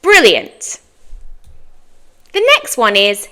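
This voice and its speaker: A woman teaching English pronunciation, slowly modelling phrases for listeners to repeat. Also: high-pitched, big pitch swings, pushed and bright. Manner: slow, clear modelling of phrases for repetition.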